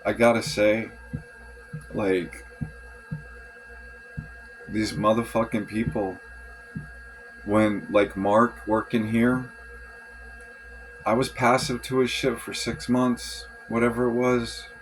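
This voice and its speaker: A man's voice: on the low side, little pitch movement, takes it slowly, long pauses, soft background music, low-quality recording. A man venting in a rambling, frustrated journal monologue, swearing often and restarting his sentences. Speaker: vlogger.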